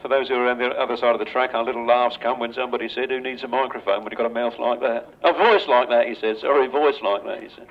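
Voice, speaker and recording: Older english bloke on the tannoy at a grasstrack, joking with riders, dull muffled sound, middling pitch. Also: male voice, steady tone, quick pace, few pauses. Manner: chatty, jokey, banters with riders. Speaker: race announcer. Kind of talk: live grasstrack commentary over a PA. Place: outdoor racetrack. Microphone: public address microphone. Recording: dull lo-fi outdoor recording.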